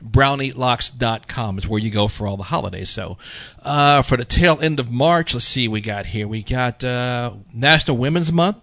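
A man hosts a relaxed radio chat, reading down a list of observances with plenty of "uh" and "let's see". His voice is bright and forward, and he keeps the talk loose. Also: mid-range voice, moderate pace. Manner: easygoing, reads lists with fillers. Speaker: radio show host. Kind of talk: casual chat.

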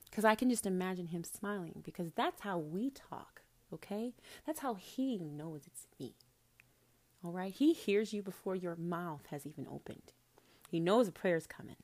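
Coaxing, lower-voiced woman preacher. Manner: intimate and coaxing, calls the listener honey, swears casually; drops into soft whispers at times. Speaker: self-described prophetess. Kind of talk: casual spiritual talk to camera.

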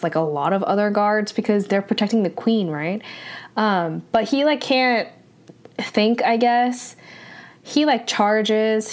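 A young woman recapping a drama episode in casual chat, rambling and full of filler words, growing exasperated as she reacts. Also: mid-range voice. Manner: exasperated, animated when reacting.

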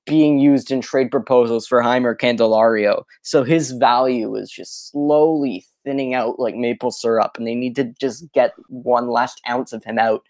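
A fast, opinionated speaker on a sports podcast who keeps saying "like". The voice has a middling pitch and sounds dry and close. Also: steady tone, darkish tone, no room sound. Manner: fast, opinionated, heavy use of "like". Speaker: podcast co-host. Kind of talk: casual sports podcast chat.

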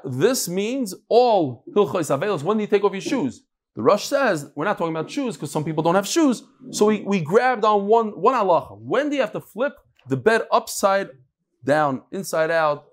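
A man teaching a daily Talmud class, explaining the text in plain talk mixed with Hebrew and Yiddish study terms and acting out the dialogue. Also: high-pitched.

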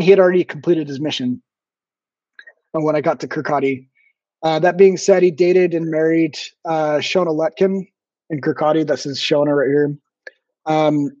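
A man with a slightly raised voice tells stories as a podcast guest, pausing often on ums and restarting his sentences. The recording sounds dull and lo-fi, with a dry, close sound and no room echo. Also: on the high side, darkish tone. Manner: halting, frequent ums and restarts. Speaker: podcast guest, former missionary. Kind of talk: casual interview storytelling.

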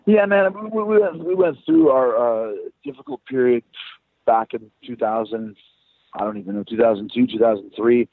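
A man's voice: medium pitch, normal speed, no echo. A man, a rock band frontman, chatting loosely as a guest in a phone interview, swearing and storytelling. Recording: tinny dry phone line.

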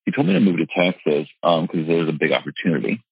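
Low, gravelly, slightly husky man; earnest interview storyteller, emphatic with lots of restarts; dry, dull sound. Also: very animated, quick pace, dry recording. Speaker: real estate investor and seminar teacher. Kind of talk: candid personal storytelling in an interview.

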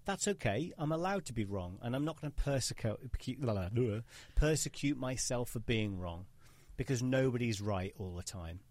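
A man's voice: mid-range voice, expressive, normal speed, darkish tone, no room sound. A man hosting a podcast in casual conversation, talking in an opinionated, emphatic and rambling way. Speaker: podcast host. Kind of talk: casual interview chat.

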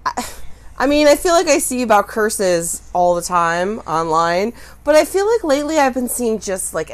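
A woman co-hosting a casual podcast who laughs often and talks in a chatty way. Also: lowish voice. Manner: giggly, quick to laugh. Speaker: podcast co-host.

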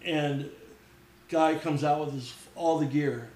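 A man's voice: fairly high pitch, slow. A middle-aged man telling a long story as a podcast guest, swearing freely and acting out what others said. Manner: profane, animated, acts out quoted voices. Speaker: podcast guest, former mechanic. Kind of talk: casual storytelling. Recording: roomy echo.

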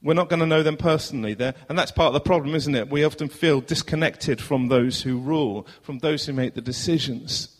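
Southern English male pastor, earnest preaching with rhetorical questions, a touch high-pitched, in a long-echo church. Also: a little fast. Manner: earnest, rhetorical questions, swings between loud and hushed. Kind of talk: sermon. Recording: long hall reverb.

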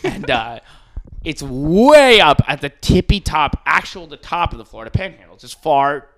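Animated joking man with a bright voice. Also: on the high side, moderate pace. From New York. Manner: animated, swearing, mimics hecklers in loud voices. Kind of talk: casual comedic storytelling.

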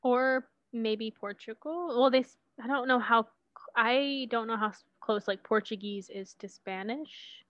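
A woman's voice: fairly high pitch, measured pace, fairly bright tone, dry recording. Hesitant woman on dull dry audio. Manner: hesitant, tentative suggestions. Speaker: co-player. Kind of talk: casual gameplay chat.

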